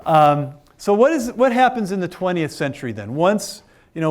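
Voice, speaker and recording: A man giving an informal philosophy lecture to a class of older adults, chatty and joking with frequent fillers. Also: a little high. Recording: lecture room.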